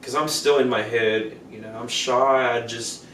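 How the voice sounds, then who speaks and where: An unhurried man with a medium-pitched voice co-hosts a podcast, telling animated, casual stories and voicing the people in them. The audio has room echo, a faraway microphone, and a little faint noise.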